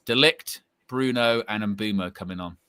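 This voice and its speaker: Man, fan stream co-host, animated, swears a lot, low-ish voice, close dry sound. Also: clear, resonant tone, no echo. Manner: animated, sweary, quick reactions. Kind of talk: live match-watch chat, reading super chats.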